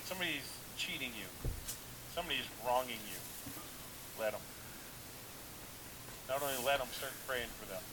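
A man's voice: mid-range voice, normal speed, pauses often. A man preaching a sermon as a pastor, telling a story in a casual, plain-spoken way with many fillers and repeated phrases. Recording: steady background hiss.

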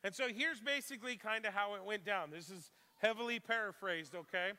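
A man's voice: high-pitched, fairly quick, sharp tone, long reverb tail. A man preaching a sermon in a church, talking conversationally and putting questions to the congregation. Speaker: pastor. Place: church sanctuary.

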